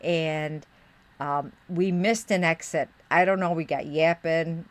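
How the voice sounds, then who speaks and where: Middle-aged woman streamer, Western New York accent with Midwest hints, lowish voice, rambling chatty delivery, talking to chat at her desk. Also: slow, no echo. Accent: Western New York with Midwestern touches. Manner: rambling, talks to chat, muttering while searching. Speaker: live streamer. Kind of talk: casual live-stream chat while crafting.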